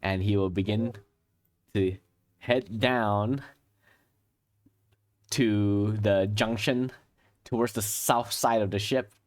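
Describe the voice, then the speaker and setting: A man serves as game master for a tabletop horror game, narrating and thinking aloud without hurrying. His voice sits on the low side with a steady tone.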